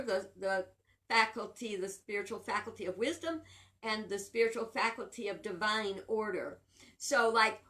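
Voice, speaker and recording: An older woman giving a casual spiritual talk, earnest and musing, pausing with fillers and restarting her sentences. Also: mid-range voice, fairly bright tone. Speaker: spiritual teacher.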